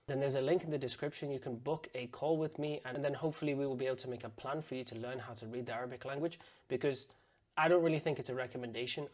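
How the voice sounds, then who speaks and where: A man teaching word-by-word pronunciation, patiently sounding out words slowly and repeating them for learners. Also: mid-range voice, a little mellow. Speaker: Arabic and Quran teacher. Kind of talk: pronunciation lesson.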